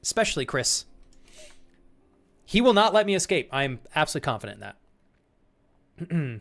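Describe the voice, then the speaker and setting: A man's voice: on the high side, sing-song, normal speed, fairly bright tone. A man streaming live, chatting casually with viewers, reading their messages and laughing often in mock indignation.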